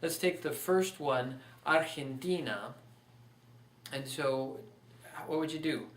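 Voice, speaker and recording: A man's voice: fairly high pitch, unhurried, recorded from a distance. A man teaching a recorded Spanish pronunciation lesson, patiently walking through examples step by step. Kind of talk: recorded online lecture. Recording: echoey room, voice off-mic.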